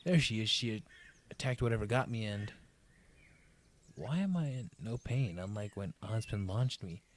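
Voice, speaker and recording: A man dramatically reading a fan-made visual novel aloud, voicing the protagonist with expressive outbursts and frequent swearing. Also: lowish voice, normal speed, slight background noise. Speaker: game reader, voicing the protagonist.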